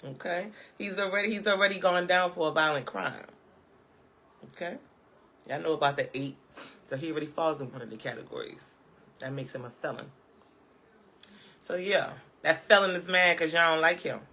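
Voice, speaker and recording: A bright, forceful-voiced woman talks straight to her live-chat viewers from home. Her delivery is sassy and emphatic, hammering each point home with a pointed "okay?". Her laughter comes easily between the jabs. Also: low voice, moderate pace, pauses often. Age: adult, parent of a school-age child. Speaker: vlogger. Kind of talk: casual live-chat commentary.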